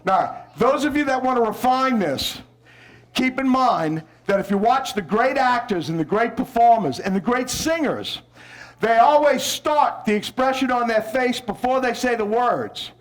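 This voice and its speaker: Animated high-voiced man leading a poetry workshop. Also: unhurried. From New Orleans. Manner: animated, coaxing, bursts into shouted recitation. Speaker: visiting poet leading a school workshop. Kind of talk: lively workshop with children and parents.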